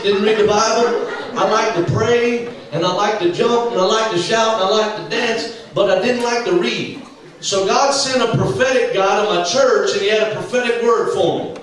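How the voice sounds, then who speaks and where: A man, an evangelist, telling a funny testimony in a sermon, acting out voices as he goes. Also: high voice. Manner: animated storytelling with acted voices. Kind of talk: humorous preaching testimony. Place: church sanctuary. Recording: very echoey church from far off.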